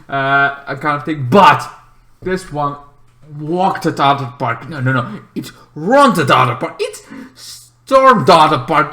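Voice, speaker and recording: A man hosting a casual show-review vlog. He is excitable and swears freely, breaking into loud shouts. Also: a little high. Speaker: TV show reviewer and channel host.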